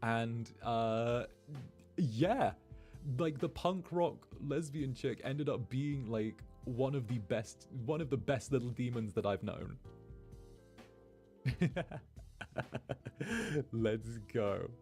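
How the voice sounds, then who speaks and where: A man streaming as a VTuber, telling a story in an animated, chatty way and acting out the quotes. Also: medium pitch, takes it slowly, soft background music. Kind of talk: casual storytelling.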